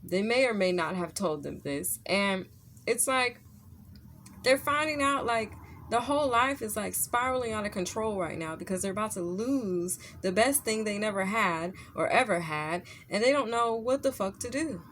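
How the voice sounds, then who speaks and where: A woman talks through a tarot reading in a loose, chatty way, swearing freely and laughing between points. Her voice sits at an ordinary middle pitch. A faint hiss of background noise runs under the recording. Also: animated, normal speed, fairly bright tone. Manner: blunt, profane, laughing, lots of "okay?" and "like". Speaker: tarot reader.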